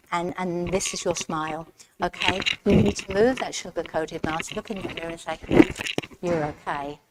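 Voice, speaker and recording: A woman giving a chatty mediumship demonstration in a village hall, speaking straight to one member of the audience. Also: fairly low pitch. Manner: chatty, speaks straight to the recipient, relays messages. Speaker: spiritualist medium. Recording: loud background noise in a hall.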